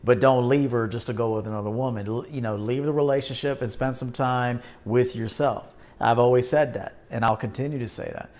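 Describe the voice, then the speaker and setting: Brief: male show host, mid-range voice, quick casual commentary, straight-talking advice. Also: medium pitch, darkish tone. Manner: brisk and conversational, giving blunt advice to men.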